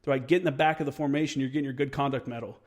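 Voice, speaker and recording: Profane man telling animated war stories. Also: medium pitch, rapid-fire, heavy background noise. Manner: profane, animated storyteller who acts out quotes. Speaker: podcast guest. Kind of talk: casual storytelling chat.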